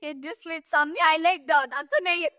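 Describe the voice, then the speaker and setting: A young Ugandan woman co-hosting a podcast, telling a story in a casual, animated way and acting out the other people in it. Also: very high-pitched, moderate pace, no echo, studio quality. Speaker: podcast co-host.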